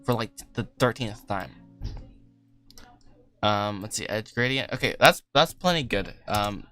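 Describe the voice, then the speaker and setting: A man's voice: lowish voice, expressive, a little slow, pauses often. A man hosting a casual livestream while he works, rambling and self-deprecating, laughing often. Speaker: livestream host, animator. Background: soft lofi music.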